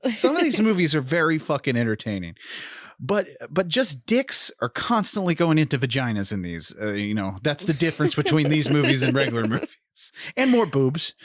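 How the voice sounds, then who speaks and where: A man's voice: medium pitch, big pitch swings, brisk, no room sound, studio quality. A man co-hosting a film podcast, rambling and profane, with restarts and laughs. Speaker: podcast co-host. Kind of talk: casual film podcast chat.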